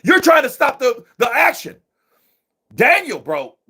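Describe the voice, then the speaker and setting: A man giving profane, excitable live commentary while watching a boxing match, often shouting at the referee. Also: very high voice, unhurried, husky.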